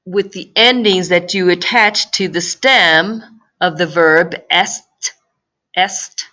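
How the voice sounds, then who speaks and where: A woman's voice: mid-range voice, bright, forceful tone. A woman teacher explaining grammar in a recorded lesson, patient and careful, repeating key phrases and speaking. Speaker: Spanish teacher.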